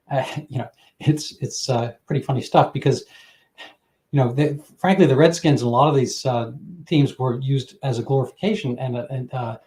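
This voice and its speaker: Hesitant male interviewer, middle pitch. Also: darkish tone. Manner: hesitant, many fillers. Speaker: interviewer host. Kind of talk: casual interview.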